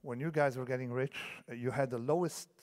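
His medium-pitched, darkish voice stays steady in tone and moves fairly quickly as this man in his fifties gives a keynote lecture. The talk is full of digressions, restarts, and asides asking the audience "okay?" It was recorded in a large conference hall with long reverb.

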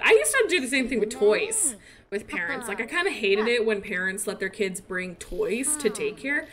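A woman's voice: mid-range voice, big pitch swings, normal speed, crowd noise. A young woman in her twenties chatting casually while she plays, rambling about her son and laughing often. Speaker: gaming streamer and mother. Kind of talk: casual chat while playing.

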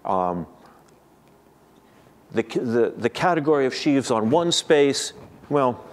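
A man's voice: medium pitch, lively intonation, slow. A middle-aged man giving an academic seminar lecture, thoughtful and digressive, often restarting his sentences. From United States.

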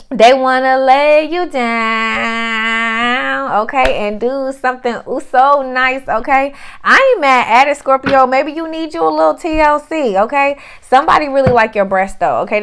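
A woman's voice: a little high, a bit bright, a little hiss or hum. A woman giving a casual tarot reading, blunt and profane with lots of slang. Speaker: tarot reader.

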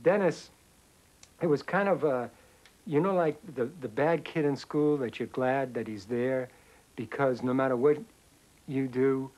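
A man reminiscing in an interview, halting and a little amused as he recalls a fellow actor. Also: medium pitch, darkish tone, poor audio. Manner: halting, with fillers and restarts, amused.

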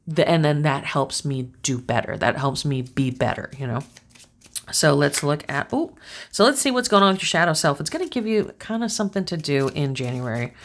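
A middle-aged woman with a low voice talks through a tarot and astrology reading in a loose, chatty way. She rambles into anecdotes, restarts her sentences and keeps up a lively storytelling flow. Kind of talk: casual tarot reading to camera.

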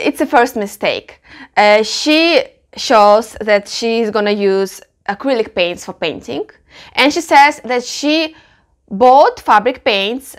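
A young woman hosting her own channel, explaining painting techniques in a reaction video in an earnest, instructive way. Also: a little high. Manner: explanatory, earnest, with occasional laughs. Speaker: clothing customizer and channel host.

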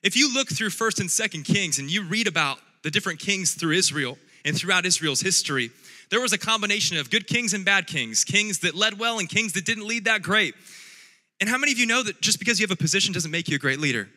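A man preaching a sermon, reading scripture quietly and then building to loud, repeated calls. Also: high voice, expressive, fast talker, long reverb tail. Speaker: pastor.

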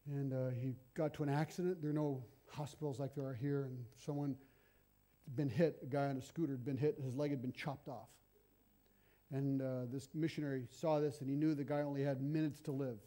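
A middle-aged man preaching a sermon, telling stories in an animated, conversational way. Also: mid-range voice, fairly quick.

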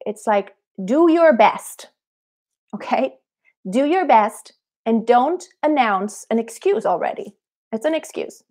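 A woman vocal coach with a fairly high voice gives earnest, direct pep talk on a live stream. She speaks up loudly and talks straight to her viewers.

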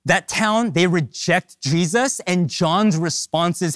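A male pastor preaching a sermon in an animated, humorous and emphatic way. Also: high voice, slow pace, dry recording, studio quality.

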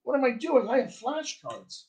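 A man teaching accents as a dialect coach in a live stream, talking to viewers and demonstrating vowels slowly. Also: very high voice, wildly swooping pitch, a little mellow, roomy sound. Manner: slow, demonstrative, drawn-out vowel examples; chatty, addresses viewers directly. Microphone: webcam or phone on a live stream.

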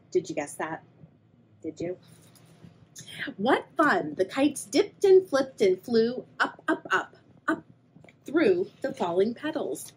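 A young woman reads a picture book to children with a very lively, swooping delivery, pausing to quiz her listeners. Her pitch sits in a middle range for a woman, and a faint room hiss runs behind her. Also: low-quality recording. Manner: animated, questioning the young listeners. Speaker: children's librarian reading a story. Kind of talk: read-aloud storytime for kids.

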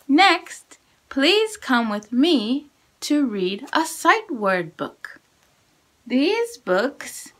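A woman's voice: fairly high pitch, sharp tone. A woman teaching sight words to children, cheering them on with praise in an exaggerated sing-song way. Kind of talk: sight word drill for kids.

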